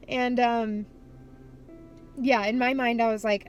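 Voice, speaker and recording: A young woman with a slightly high voice, chatting candidly to camera. She swears freely. Faint music plays behind her outdoors. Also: little pitch movement, takes it slowly, lo-fi sound. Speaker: vlogger. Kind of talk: casual vlog chat. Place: outdoors at a skate spot.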